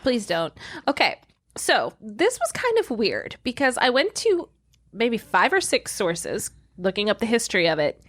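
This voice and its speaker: Animated giggly woman podcast host. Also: fairly high pitch, unhurried. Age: 40s. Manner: animated, giggly, talks to listeners. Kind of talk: casual chat.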